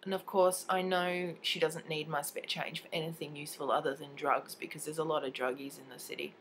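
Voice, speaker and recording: A woman's voice: low-pitched, little pitch movement, brisk, a bit bright, a little hiss or hum, low-quality recording. A young Australian woman with a cold, telling a story in an indignant, swearing casual rant to camera. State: has a cold.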